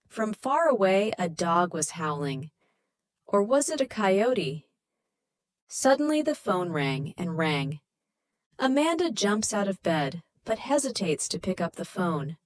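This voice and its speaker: Woman reading a story out loud, lively pitch, dry close sound. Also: dry recording. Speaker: audiobook narrator. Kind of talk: scripted narration.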